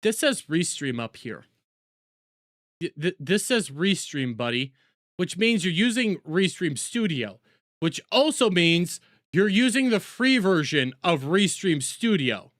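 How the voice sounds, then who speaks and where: A young male streamer riffs over clips and reads chat aloud, mocking and excitable. His bright voice swings widely in pitch, and he swears freely. The sound is dry and close. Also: a little slow, dry recording. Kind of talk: live reaction commentary.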